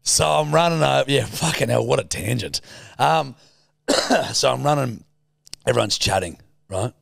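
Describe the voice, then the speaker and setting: Gravelly Australian man, animated banter. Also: medium pitch, unhurried, no room sound. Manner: swearing, joking, teasing. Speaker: podcast co-host. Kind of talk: casual chat.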